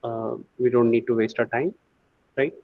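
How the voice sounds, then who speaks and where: A man's voice: mid-range voice, steady tone, moderate pace, no room sound, narrow, tinny audio. A man teaching a screen-share coding lesson, thinking aloud with many fillers and restarts. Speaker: AI course instructor.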